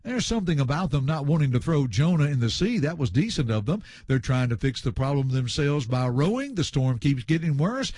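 A man preaches a sermon, working verse by verse through a scripture passage in a slightly high voice that moves fairly quickly with few pauses, on a dry recording. He is animated and emphatic, circles back to the same refrains and addresses listeners as friends.

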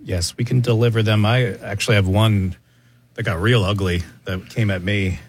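A man's voice: lowish voice, steady tone, moderate pace, husky. Easygoing male radio co-host. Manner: incredulous ribbing, easygoing. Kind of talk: casual morning radio banter.

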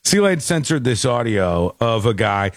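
A man hosting a casual talk show, telling a story in an animated way and laughing often. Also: mid-range voice, a little slow, no echo, studio quality. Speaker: podcast host. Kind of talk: casual chat.

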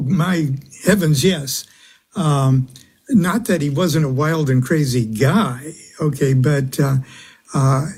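Husky, slow-talking male radio guest. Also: a little high, a little mellow. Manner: halting, many uhs, chuckles. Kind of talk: radio interview.

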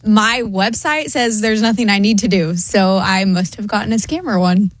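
A woman co-hosting a casual chat, recounting an experience quickly and earnestly. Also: medium pitch, no room sound.

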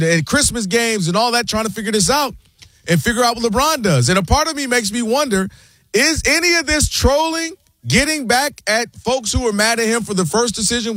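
Animated high-voiced man debating sports. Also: no room sound. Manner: animated, argumentative, quotes people in put-on voices. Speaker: sports talk show host.

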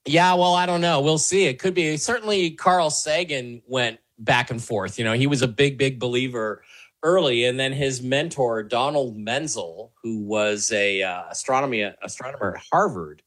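In a conversational interview, a man gives earnest, rambling answers, often backtracking and using fillers. His voice is mid-range and a bit bright, at a moderate pace.

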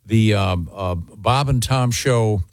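A man's voice: fairly low pitch, no room sound, clean studio sound. A man hosting a morning radio show, chatting and reading a live ad with many fillers. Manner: relaxed, halting with fillers.

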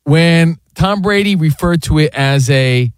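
A man's voice: a little high, a little slow, dry recording, clean studio sound. A man hosting a sports radio show, talking casually and rambling with fillers. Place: radio studio.

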